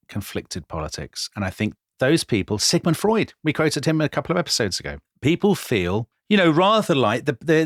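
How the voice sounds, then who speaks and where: A man retells history in an animated, conversational way, as a podcast co-host. His pitch sits in the middle of the male range. The sound is dry and close. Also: no room sound. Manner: vivid, dramatic retelling with quoted voices. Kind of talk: animated storytelling chat.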